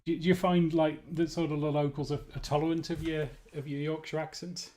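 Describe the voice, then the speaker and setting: A man's voice: on the high side, flat delivery, fairly quick, a little mellow. A man from the United Kingdom hosting a livestream, chatting casually and rambling with frequent restarts while he builds. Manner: rambling, self-interrupting, chuckling. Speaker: livestream host.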